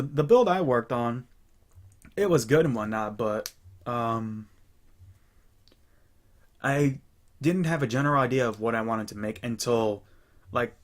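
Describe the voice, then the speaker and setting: Young man, casual gaming chat, relaxed, rambling, fillers and restarts. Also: medium pitch. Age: young adult. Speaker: gaming channel host.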